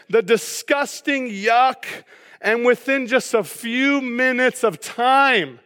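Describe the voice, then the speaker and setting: High-voiced animated pastor in a big hall. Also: male voice. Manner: animated, acts out excited reactions in a high voice; checks in with the crowd with "okay?" and "right?". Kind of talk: sermon. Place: church hall. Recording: long church hall reverb.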